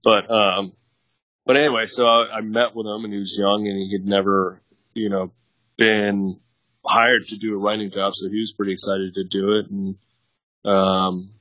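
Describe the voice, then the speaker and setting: A man's voice: on the low side, flat delivery, normal speed, pushed and bright, no echo, rough recording. Rambling, laughing male podcast guest. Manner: rambling, laughs often, many fillers. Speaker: podcast guest, actor and producer. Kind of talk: casual storytelling chat.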